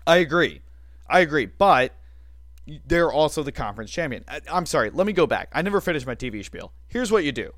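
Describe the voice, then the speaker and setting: A man's voice: a little high, big pitch swings, a little fast, fairly bright tone, no room sound, studio quality. A man co-hosting a casual sports talk show, giving opinionated takes with wry, self-mocking asides.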